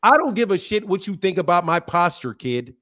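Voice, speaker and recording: Leaning toward his computer mic at his home desk, a middle-aged man hosting a boxing live stream argues hotly with a caller, mocking him and laughing a lot. His voice sits high, fairly bright, and fairly quick, with big swings in pitch.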